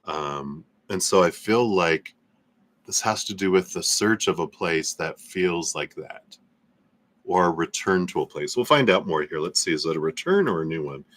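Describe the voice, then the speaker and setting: A man hosting a live tarot reading, speaking in slow, soothing affirmations with soft laughs. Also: sits low, lively intonation. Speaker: tarot reader.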